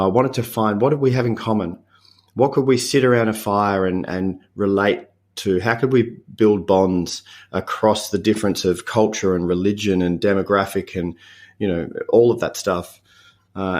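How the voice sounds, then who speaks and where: A man in his fifties with an Australian accent, a podcast guest talking in a relaxed, reflective way with frequent chuckles and halting restarts. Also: fairly low pitch. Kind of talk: casual interview chat.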